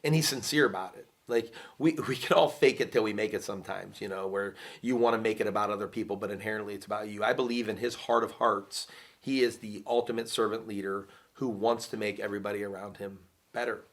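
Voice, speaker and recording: A man's voice: lowish voice, steady tone, fast. A man who is a football coach, praising a player in earnest, sincere words.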